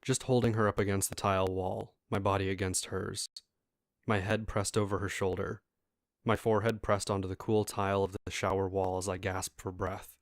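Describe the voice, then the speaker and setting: A fairly low-voiced man reads a first-person story at normal speed, with a flat, easygoing delivery. Here and there he breaks away to address listeners directly. The recording sounds close and dry, lacking any room echo.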